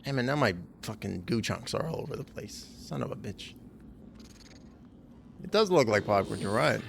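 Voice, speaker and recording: A man's voice: on the low side, expressive, moderate pace, creaky, a little hiss or hum. A young man swearing and joking sarcastically as he plays a game on a live stream. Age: young adult.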